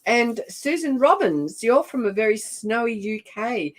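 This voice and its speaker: An older Australian woman runs a casual livestream, warmly calling out viewers by name in a gushing, chatty way. Her voice is fairly high, swings widely in pitch, and moves a little slowly.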